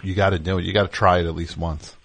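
A deep-voiced man hosts a call-in radio show, talking fast yet relaxed as he rambles with callers. His casual chat is packed with fillers.

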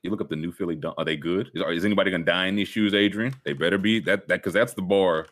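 A man chatting casually as a podcast co-host, animated and laughing often. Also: low voice, fast. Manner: animated, laughs a lot, slips into voices. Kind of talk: casual chat.

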